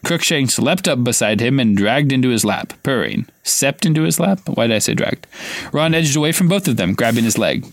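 A man co-hosting a podcast, reading a book aloud and breaking off for playful, laughing asides. His intonation is very lively and rises and falls freely. The recording is close and dry. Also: medium pitch, brisk, no room sound. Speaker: podcast co-host. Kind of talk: casual read-aloud with commentary.

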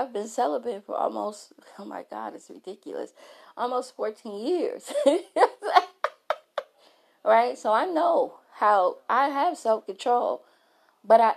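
A woman's voice: mid-range voice, gravelly. A middle-aged woman vlogger talking frankly and emphatically to her followers, often restarting her sentences. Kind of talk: candid talk to camera.

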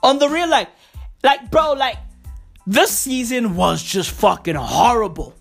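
A man ranting excitedly to camera about football, swearing constantly and stumbling over repeated words. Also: extremely high pitch, measured pace, creaky, faint music behind. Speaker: vlogger and football fan. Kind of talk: casual profane rant to camera.

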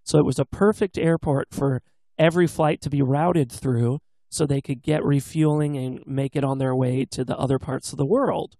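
A man co-hosting a casual podcast chat, animated and playful, slipping into jokey put-on accents. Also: medium pitch, moderate pace, vocal fry, dry recording. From Pacific Northwest. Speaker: podcast co-host.

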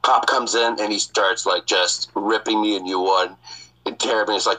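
A man's voice: lowish voice, steady tone, normal speed, pushed and bright, poor audio. A man telling a personal story casually as a podcast host, swearing often and laughing.

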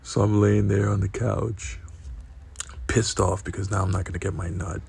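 A man's voice: lowish voice, flat delivery, normal speed, a little mellow. A young man hosting a podcast, telling a crude story in a profane, laughing, casual way. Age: young adult. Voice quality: gravelly, husky. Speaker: podcast host.

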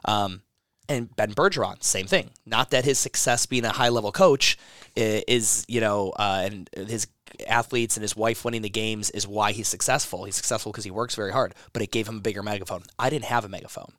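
Rambling, profane man with a low voice. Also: fairly quick, fairly bright tone, no echo, studio quality. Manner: rambling, profane, frequent restarts. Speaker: gym business consultant. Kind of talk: casual interview talk.

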